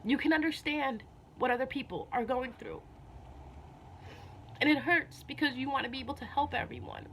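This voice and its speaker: A woman's voice: high-pitched, moderate pace, pauses often, fairly bright tone, a little hiss or hum. A woman talking earnestly and heartfelt to her viewers in a casual vlog, repeating herself often and sounding a little emotional. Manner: earnest, repeats herself, many "you know"s. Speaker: spiritual vlogger. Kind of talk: casual heartfelt talk to camera.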